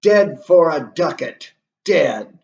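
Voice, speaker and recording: A man reading the lines of an agitated young prince with sharp, declaiming outbursts. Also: fairly high pitch, a little slow, lo-fi sound, natural voice. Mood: fierce. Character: agitated young prince striking at a hidden foe. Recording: echoey room, voice far from mic.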